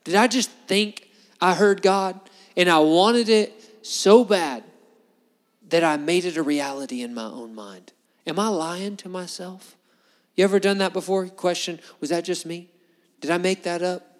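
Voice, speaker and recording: A man preaching a sermon to a congregation, conversational and animated, full of rhetorical questions. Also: high-pitched, a little slow, long reverb tail. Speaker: pastor. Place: church hall before a congregation.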